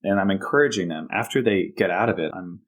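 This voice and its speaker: A man's voice: deep voice, expressive, fast talker. A man, a counselor, explaining parenting strategies in a podcast interview, often acting out sample phrases to kids.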